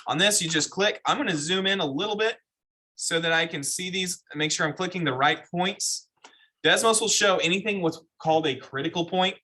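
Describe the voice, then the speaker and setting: Bright-voiced man teaching math. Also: fairly high pitch. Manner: explains step by step, asks the class questions. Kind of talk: classroom lecture.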